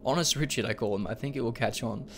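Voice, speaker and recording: Gravelly, excitable young game streamer. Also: male voice, mid-range voice, fast, slight background noise. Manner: excitable, laughing, jokey. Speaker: let's play host. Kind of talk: gaming commentary.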